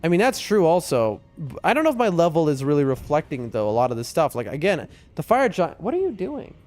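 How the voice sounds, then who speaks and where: A man chats his way through a game stream from his room at home, rambling to his viewers as he plays. His voice sits a little high and swings widely in pitch. Faint music runs behind him. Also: very animated, a little fast, a little mellow. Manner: chatty, rambling, talks to chat and his cat. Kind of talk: casual live-stream chat.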